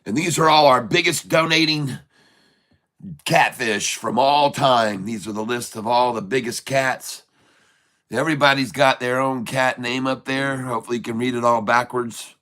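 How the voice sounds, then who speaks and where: A man's voice: mid-range voice, steady tone, normal speed, sharp tone. A man hosting a casual day-trading livestream from a home room, talking in a rambling, jokey way and sometimes muttering to himself while he works. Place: home room with shelves of keepsakes.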